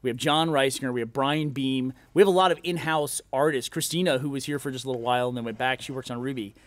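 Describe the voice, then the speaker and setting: A man's voice: mid-range voice, fast talker, no echo. A man hosting a live stream, talking loosely and casually and laughing often. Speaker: livestream host.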